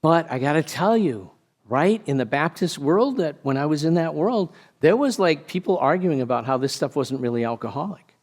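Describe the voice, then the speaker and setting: A man, a pastor, giving a conversational sermon with casual asides and animated storytelling. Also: on the high side, normal speed.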